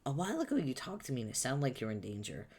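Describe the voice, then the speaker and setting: A man's voice: mid-range voice, huge pitch swings, rapid-fire, darkish tone. A man voicing a cheerful, naive teenage boy, upbeat and a bit puzzled, reading a webcomic aloud.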